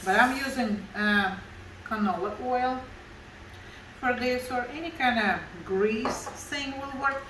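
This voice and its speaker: A woman's voice: fairly high pitch, slow pace, bright, forceful tone, echoey room, slight background noise, poor audio. A woman from Russia with a Russian accent, chatting her way through a home cooking demonstration in her kitchen, explaining each step in broken English. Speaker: cooking show host.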